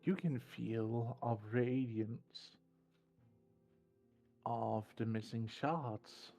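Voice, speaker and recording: A man narrating as game master in a tabletop game, slow and descriptive, often restarting his words. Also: mid-range voice, creaky, dark tone, soft background music. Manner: deliberate, descriptive, with frequent restarts.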